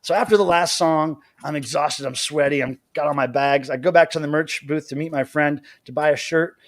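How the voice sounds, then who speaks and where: An American man hosting a livestream from home, telling a story in an animated, chatty way. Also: a little high, fairly quick, no echo. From United States. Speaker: livestream host.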